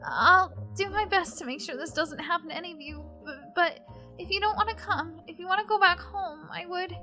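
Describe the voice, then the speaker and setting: A woman's voice: very high-pitched, a little fast, pushed and bright, faint music behind, voice pushed up, heavily acted. A woman voicing a nervous young housemaiden in a game playthrough, stammering and hesitant. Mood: nervous, earnest.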